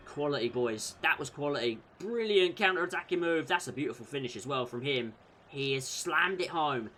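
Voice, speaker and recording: A young man commentating his own football video game play, calling each move and breaking into shouts when goals go in. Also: medium pitch, slight background noise, poor audio. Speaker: gaming YouTuber.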